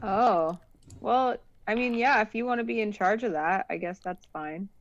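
A woman's voice: medium pitch, normal speed. A woman in a tabletop game, agreeing easily in a casual way. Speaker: player. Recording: dull, dry mic sound.

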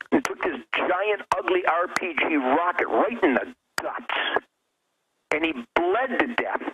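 Fiery older man on muffled radio. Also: a little high. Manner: fiery, emphatic, repeats words in bursts. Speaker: radio show guest. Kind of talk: impassioned political talk radio. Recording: muffled lo-fi radio line with noise.

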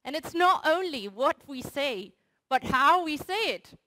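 A woman's voice: sits high, lively intonation, measured pace, sharp tone, rough recording. A woman researcher giving a short, playful research talk that addresses the audience directly. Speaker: researcher presenting her project. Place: university hall before an audience.

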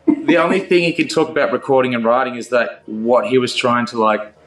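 An Australian rock singer, a man with a mid-range voice speaking a little fast, chats casually as an interview guest. He rambles with many restarts, laughing and swearing, in a recording with roomy echo.

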